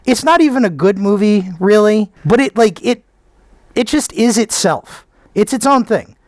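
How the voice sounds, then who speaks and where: Excitable swearing man reviewing a movie. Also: high-pitched, normal speed, no room sound. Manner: excitable, sarcastic, swears freely, jumps between shouting and muttering. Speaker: film reviewer. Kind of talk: rambling profane movie review.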